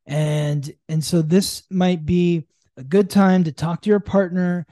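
A man with a mellow, warm voice, recorded dry and close. He explains astrology in a loose, chatty way, full of fillers and restarts. Now and then he acts out quoted lines with sudden jumps in pitch. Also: steady tone, slow pace, no echo. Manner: rambling, many fillers and restarts. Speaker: astrology podcast co-host. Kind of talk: casual conversational explanation.

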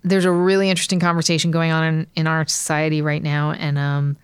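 A young woman co-hosts a podcast, talking candidly and animatedly, slipping into quoted voices. Her voice is smooth and clear. It sits in a dry, close recording with no room sound. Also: low voice, level tone, quick pace, no echo. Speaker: podcast co-host. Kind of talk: casual podcast chat.

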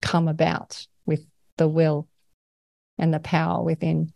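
An Australian woman, a guest in a conversational interview, talks earnestly and at length about her experiences, often laughing between thoughts. Her deep voice is monotone, gravelly and mellow, with a measured pace and a dry recording.

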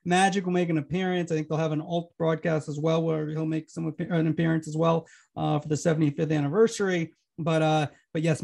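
Gravelly, higher-voiced male podcast co-host. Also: a little mellow. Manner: quick, teasing, argumentative. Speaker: podcast co-host and sports media reporter. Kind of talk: casual podcast chat.

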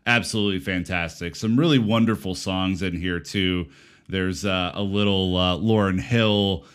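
A man with a very deep voice, co-hosting a relaxed podcast recap. He gushes over what he likes and piles on praise. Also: normal speed, smooth. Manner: enthusiastic, effusive praise. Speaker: podcast co-host.

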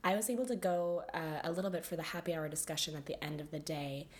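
Host, woman, a little under the weather, friendly, fairly low pitch, interview over a video call. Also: steady tone, fast. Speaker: podcast host. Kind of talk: podcast interview.

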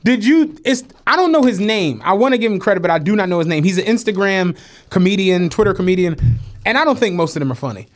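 A man's voice: sits high, animated, quick pace. A man co-hosting a podcast in casual chat, slangy, laughing often and acting out quotes in funny voices. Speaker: podcast co-host.

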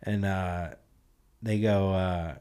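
Laid-back low-voiced man telling a story. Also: steady tone, slow pace, warm tone, smooth. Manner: rambling, filler-heavy, laughs while telling. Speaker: podcast co-host. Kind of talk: casual storytelling chat.

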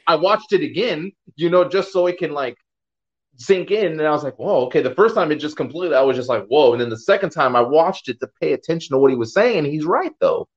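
A man in casual conversation who retells a clip he watched in an animated way, acting out the people in it. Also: on the high side, fast talker, muffled recording. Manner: animated storyteller, retells scenes with quoted voices.

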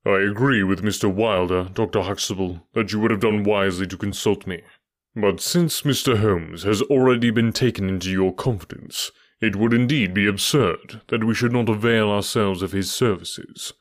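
A man voicing a stately, cold middle-aged duke who speaks in a deep, sonorous, formal way. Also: normal speed, lightly acted. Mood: coolly formal.

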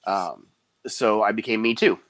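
A man in casual interview chat, an animated storyteller who slips into quick high voices when he quotes people. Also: dry recording. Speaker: guest, clown performer.

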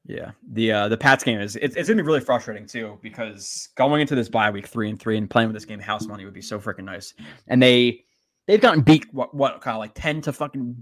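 Quick-talking guy on a sports podcast, blunt and swears a bit, just chatting. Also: fairly low pitch, a bit bright. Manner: rambling, quick, blunt and profane. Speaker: podcast co-host. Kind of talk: casual sports chat. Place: livestreamed podcast reading chat.

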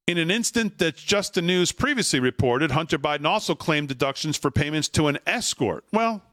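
Bright-voiced man hosting a talk show. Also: a little high, animated, no echo, clean studio sound. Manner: brisk, jokey banter. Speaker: host.

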